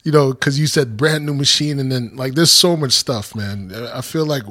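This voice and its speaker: A man's voice: medium pitch, moderate pace, pushed and bright, no echo, clean studio sound. A man co-hosting a podcast, talking in a laid-back, casual way. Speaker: podcast co-host. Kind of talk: casual chat.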